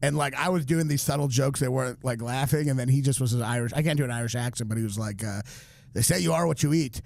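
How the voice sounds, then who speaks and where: A man's voice: mid-range voice, fairly even intonation, fast talker, creaky, a little mellow. A man with a slight lisp chatting casually as a podcast co-host, rambling and self-deprecating. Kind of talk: casual chat.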